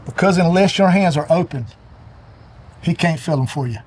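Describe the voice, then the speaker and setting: Middle-aged man, preacherly storyteller, high voice. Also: normal speed, darkish tone, slight background noise. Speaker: show regular giving a motivational talk. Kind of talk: parable-style motivational talk.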